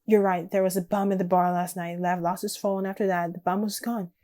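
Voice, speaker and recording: A woman's voice: fairly low pitch, little pitch movement, fairly quick, darkish tone, lightly acted. A woman voicing a guarded young woman gang member in a text game, read aloud plainly. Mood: resigned.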